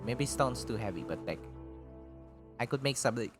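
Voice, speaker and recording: A man casually role-playing in a tabletop game, rambling in a mid-pitched voice that trails off quietly at the ends of his thoughts. Clear background music plays under his talk. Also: lively intonation, normal speed. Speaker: player voicing a smith character.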